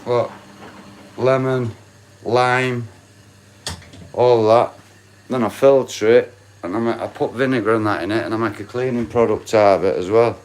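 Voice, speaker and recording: A man's voice: medium pitch, steady tone, moderate pace, pauses often. A man in his late forties with a Yorkshire accent, chatting casually to his live-stream viewers, swearing freely and talking straight to the chat. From Yorkshire, England. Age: 40s. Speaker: livestreamer.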